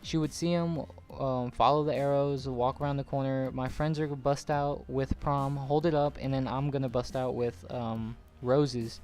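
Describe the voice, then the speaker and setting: A man's voice: medium pitch, steady tone, moderate pace, few pauses, a little mellow. A young man in his late teens telling a personal story casually over gameplay, rambling and swearing with lots of "like". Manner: rambling, profane, full of "like". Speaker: gaming channel host.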